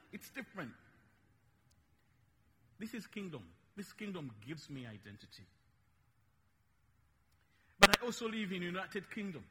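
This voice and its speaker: A man from Uganda with a Ugandan accent and Luganda as his first language, preaching a slow, emphatic, playful sermon in a church. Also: fairly high pitch, long reverb tail, heavy background noise. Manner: slow, emphatic, dynamic in loudness, playful teasing.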